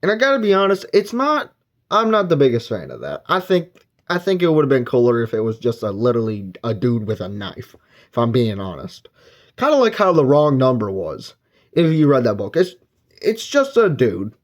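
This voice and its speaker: A man's voice: medium pitch, huge pitch swings, normal speed. A man giving a casual, rambling spoken book review, retelling the plot and briefly acting out characters' lines. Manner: rambling plot recap with filler words.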